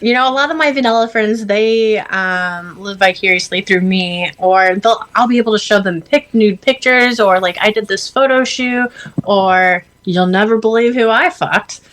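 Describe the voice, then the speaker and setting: A woman's voice: mid-range voice, moderate pace, fairly bright tone, low-quality recording. A woman guest on a podcast, talking frankly and breezily in casual chat, laughing at her own stories. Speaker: podcast guest, adult performer.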